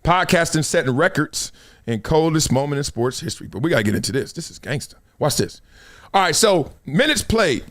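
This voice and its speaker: Animated middle-aged male sports host. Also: a little fast. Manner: animated, laughing, jumps to high exclaims. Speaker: show host. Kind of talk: casual live-stream sports talk.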